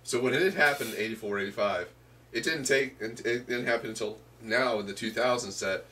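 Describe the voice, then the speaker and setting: A man co-hosting a casual wrestling history chat, talking haltingly with many restarts. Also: mid-range voice, sharp tone. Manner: halting, full of restarts and fillers. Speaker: podcast co-host. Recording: distant mic with faint room noise.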